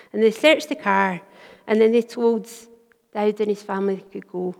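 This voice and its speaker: A woman's voice: mid-range voice, fairly even intonation, brisk, gravelly. Woman preaching in a reverberant church. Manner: earnest storytelling, softening to a hush for quoted words. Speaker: minister. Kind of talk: sermon.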